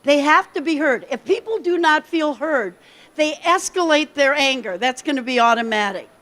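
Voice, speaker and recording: High-voiced woman coaching a crowd. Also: normal speed. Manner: lively, coaching audience directly. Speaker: keynote speaker. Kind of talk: conference workshop talk. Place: conference hall stage.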